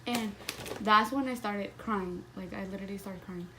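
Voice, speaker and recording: A young adult woman vlogs about her own life in a loose, chatty story at a moderate pace. Her middle-pitched voice is casual and profane, and she says "like" constantly. A steady background hiss runs beneath the recording.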